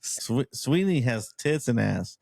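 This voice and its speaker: A man's voice: medium pitch, animated, takes it slowly, vocal fry, a little mellow, dry recording. Guy co-hosting a podcast, bouncy up-and-down voice, blunt and teasing, cusses. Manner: blunt, teasing, swears casually. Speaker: podcast co-host. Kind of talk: casual podcast chat.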